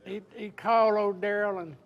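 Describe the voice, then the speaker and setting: A man's voice: high-pitched, steady tone, normal speed, vocal fry, lo-fi sound. An older man chiming in to correct and add to a racing story. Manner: chiming in, correcting and adding details. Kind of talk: casual storytelling.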